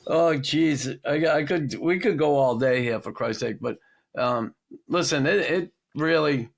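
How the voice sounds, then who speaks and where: Gravelly man hosting. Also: a little high, a little slow. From Boston area. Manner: blunt, profane, rambling. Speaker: podcast host. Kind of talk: casual chat.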